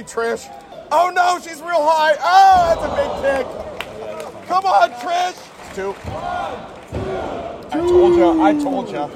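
A man in a wrestling crowd cheering and yelling encouragement at the wrestlers, caught on a phone recording from the stands. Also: very high voice. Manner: loud, chanting, coaching the wrestlers. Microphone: phone recording from the audience. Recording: phone clip with loud arena crowd noise.

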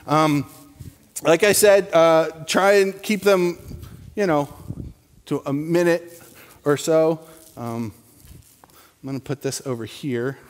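A man's voice: fairly high pitch, slow, long pauses. A man hosting an open sharing time, coaxing people up with a loose, filler-heavy way of talking. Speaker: event host. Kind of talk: casual emcee talk. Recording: long hall reverb.

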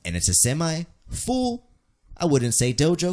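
A man's voice: fairly high pitch, big pitch swings, moderate pace. Hyped, playful male podcast host. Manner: playful, hyped, jokey hype-man delivery. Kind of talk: casual podcast banter.

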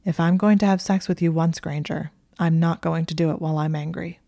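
A woman's voice: low voice, fairly even intonation, fairly quick, creaky, warm tone, dry recording, clean studio sound. A woman reading the part of a sulky, sardonic young nobleman with a sarcastic, drawling delivery.

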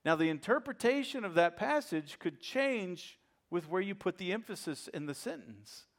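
A man preaching from the pulpit of a church, his voice sitting a little high for a man. He swings from ringing emphasis down to near-whispered asides and repeats key phrases to drive them home. The delivery is a pastor's sermon to a congregation. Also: big pitch swings, normal speed. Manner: preacherly, swings from loud to hushed.

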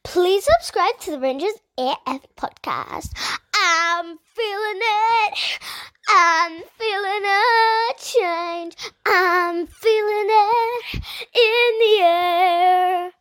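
A squeaky sing-song jingle voice. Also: male voice, sharp tone, dry recording, heavily acted. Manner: slow sing-song, drawn out.

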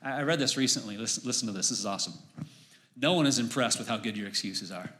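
Bright-voiced preaching man. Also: mid-range voice, fast. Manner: energetic, conversational, asks the audience questions. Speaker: pastor. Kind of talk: sermon.

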